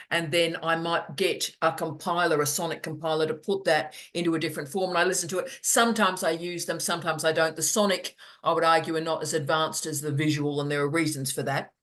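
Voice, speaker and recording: A middle-aged academic hosting online office hours in casual video-call chat, animated and jokey, repeating words for emphasis. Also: medium pitch.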